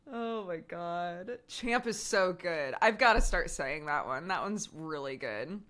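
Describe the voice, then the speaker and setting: A woman's voice: lowish voice, fairly bright tone. An American woman in her thirties, a streamer chatting casually with viewers, laughing often and filling her talk with "like.".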